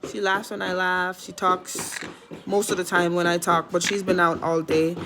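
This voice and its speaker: A young woman talks to camera at home in a loose, rambling way. Her voice sits a little low for a woman. A faint background hiss runs under the recording. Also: flat delivery, moderate pace. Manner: chatty, rambling, with fillers. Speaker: vlogger with a pet parrot. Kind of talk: casual chat to camera.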